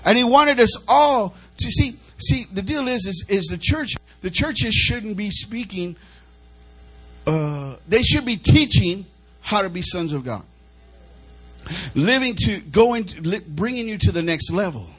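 A man's voice: high-pitched, lively intonation, a little slow, fairly bright tone, slightly rough, poor audio. A male preacher delivering an emphatic sermon, repeating phrases as he urges the congregation on. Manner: emphatic, repetitive, urging the congregation.

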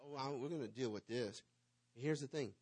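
A man, preaching to his congregation and telling a lively personal story, swinging between loud bursts and hushed asides. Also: medium pitch, moderate pace, breathy edge. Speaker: pastor.

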